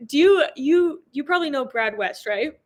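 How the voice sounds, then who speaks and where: Chatty young American woman, fairly high. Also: animated, moderate pace. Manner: chatty, laughs often, many fillers. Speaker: guest, motocross racer. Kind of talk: casual interview chat.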